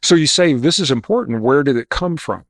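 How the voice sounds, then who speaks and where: A man's voice: medium pitch, animated, a little fast, dry recording, studio quality. A man being interviewed as a guest, confidently telling a story and then explaining his views. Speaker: guest author.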